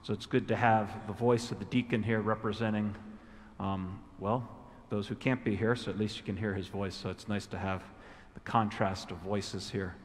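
A man's voice: on the low side, steady tone, normal speed. A priest giving a homily in a loose, conversational way with fillers, growing fervent as he stresses his points. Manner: conversational, many fillers, building to fervent emphasis. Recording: church reverb, long echo.

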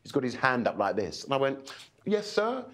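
A man's voice: mid-range voice, fast. A man, a stand-up comedian, telling a story in an interview, mimicking other people and laughing often. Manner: expressive, mimics voices, laughs a lot. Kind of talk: anecdote in a documentary interview.

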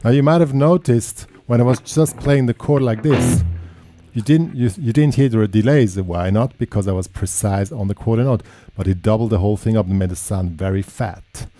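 A man's voice: fairly low pitch, fairly quick, few pauses. Chatty man teaching guitar over music. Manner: relaxed, chatty, counts in and scats rhythms. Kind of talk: casual guitar lesson. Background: electric guitar playing.

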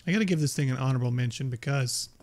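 A man giving excitable, chatty commentary over his own gameplay, exclaiming often. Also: mid-range voice, rapid-fire. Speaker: gaming YouTuber. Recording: game gunfire behind voice. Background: game gunfire and explosions.

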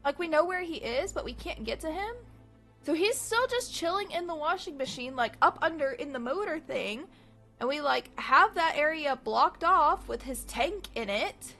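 A woman streamer chatting casually with her live audience, chatty and animated, swearing freely. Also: high voice, moderate pace, faint music behind.

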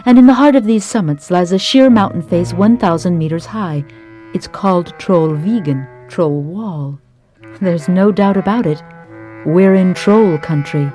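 A woman reading a scripted travel documentary narration in a measured storytelling manner. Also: lowish voice, dark tone, soft background music.

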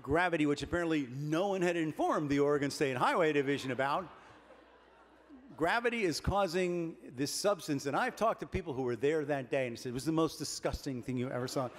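An older man giving a comic keynote speech at a dinner, deadpan and wry, building his jokes with pauses. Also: fairly high pitch. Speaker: keynote speaker. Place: large banquet hall with a dinner audience. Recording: reverberant banquet hall, faint room noise.

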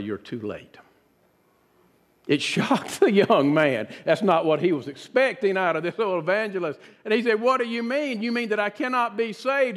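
High-voiced pastor preaching in an echoing church. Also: male voice. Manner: earnest, dramatic preaching with sudden drops to a hush. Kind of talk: sermon. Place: church sanctuary. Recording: reverberant church sanctuary.

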